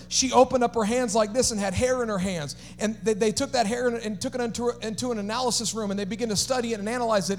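A man preaching a sermon as pastor, swinging between shouted, sing-song climaxes and quiet, conversational asides. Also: sits high, slight background noise.

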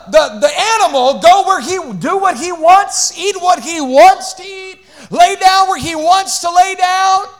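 Pastor, male, very high voice; animated sermon delivery, loud shouted peaks dropping to hushed asides. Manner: animated preaching, shifts between shouting and hushed asides, call-outs to congregation.

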